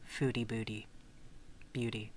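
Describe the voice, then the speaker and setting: A woman hosts a casual livestream, chatting in a rambling, hesitant way with many restarts and cooing softly to her cat. Her voice is extremely low and flat at a measured pace, with slight background noise.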